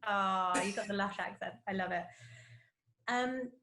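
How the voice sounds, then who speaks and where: A woman's voice: medium pitch, bright, forceful tone. Woman host, jokey and teasing, lots of room echo. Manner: playful, teasing, quick questions. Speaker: podcast host. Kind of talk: casual interview chat. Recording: echoey room.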